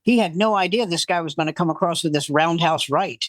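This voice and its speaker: Older comedian spinning animated anecdotes. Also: male voice, on the high side, brisk, no echo. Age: 70s or older. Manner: animated storyteller who acts out quoted voices. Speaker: veteran comedian guest. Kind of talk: casual anecdote telling.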